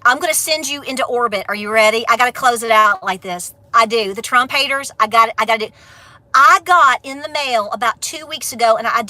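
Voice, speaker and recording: A woman's voice: fairly high pitch, sharp tone, no echo. A middle-aged woman, ranting bluntly on a casual livestream, then laughing and affectionate with her viewers. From Appalachia. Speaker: homestead vlogger.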